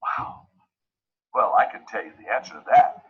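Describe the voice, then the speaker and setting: A man giving a motivational talk, emphatic and repeating key phrases, in a dull lo-fi recording. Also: moderate pace. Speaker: motivational speaker.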